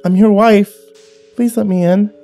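A man voicing a frantic pregnant young wife driven by a ravenous craving, pleading and then snarling in a shrill voice. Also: steady tone, a little slow, dark tone, soft background music.

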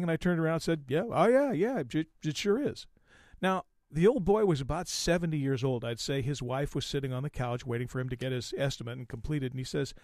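A man hosting an automotive podcast, telling a story in a folksy, animated way and acting out the quoted lines. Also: mid-range voice, no room sound, studio quality. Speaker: podcast host.

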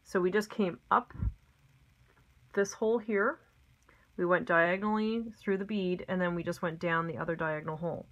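A woman's voice: lowish voice, fairly even intonation, moderate pace, pauses often, fairly bright tone, lo-fi sound. A middle-aged woman giving a casual, step-by-step craft lesson at her desk at home, chatty and homey with frequent ums and asides. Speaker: craft tutorial host.

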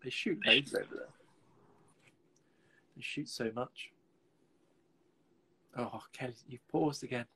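A man's voice: medium pitch, slow, pauses often, pushed and bright, slightly rough. Easygoing man hosting a live chat. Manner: teasing, easygoing. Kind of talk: casual live-stream chat.

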